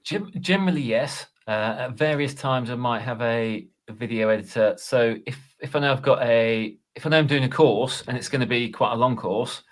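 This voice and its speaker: Man, casual podcast chat, self-deprecating, stumbling restarts, mid pitch. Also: moderate pace, hardly any pauses. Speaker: Excel course creator and guest.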